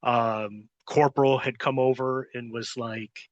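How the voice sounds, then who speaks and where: A man's voice: medium pitch, flat delivery, measured pace, hardly any pauses, dry recording, highs cut off. A man hosting a podcast, telling stories in a blunt, heavily profane casual style. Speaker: podcast host. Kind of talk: casual interview storytelling.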